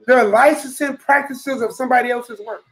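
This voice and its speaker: A man leads a Bible study with an emphatic preaching delivery, his voice sitting notably high. He keeps checking in with the listeners around him. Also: fairly even intonation, a little fast, fairly bright tone, low-quality recording. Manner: emphatic, repeats "you know what I'm saying". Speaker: teacher leading a Bible study. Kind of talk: preaching to a room of brothers.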